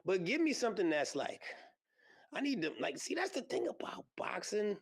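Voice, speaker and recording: Animated high-voiced man hosting a podcast. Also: moderate pace, gravelly, husky. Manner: animated, rambling, frequent fillers and exclamations. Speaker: podcast host. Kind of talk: casual solo podcast chat about combat sports. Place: podcast studio.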